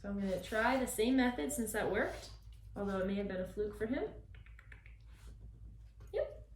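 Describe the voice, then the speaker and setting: A woman dog trainer explaining a puppy session, switching between calm explanation and high, bright praise for the dog. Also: quick pace, a little hiss or hum. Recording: echoey, from a distance.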